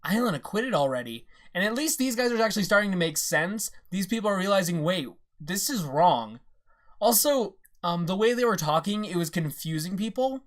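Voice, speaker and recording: A reaction-video host in casual commentary who reads comic dialogue aloud, rants excitedly and swears freely. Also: mid-range voice, normal speed.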